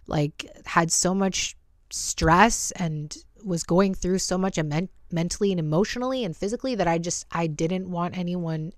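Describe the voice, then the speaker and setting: Her voice sits fairly low, and the audio is studio quality with no echo. She's a young podcast host recounting something personal, open and emotional, cursing without restraint.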